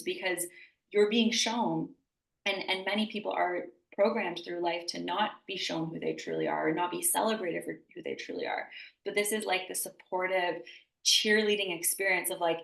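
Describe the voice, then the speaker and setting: A woman's voice: mid-range voice, vocal fry, fairly bright tone. A woman hosting a podcast in casual conversation, talking enthusiastically and emphatically, with lots of "like" fillers. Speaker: podcast host. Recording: echoey room, distant mic.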